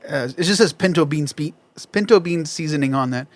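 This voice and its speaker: A man with a somewhat high voice for a man, riffing on a comedy podcast. He swears in nearly every line, leans on fillers like "uh" and "like", and laughs often. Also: fairly quick. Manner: heavy swearing, filler-laden, laughs a lot. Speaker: podcast co-host. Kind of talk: crude casual banter.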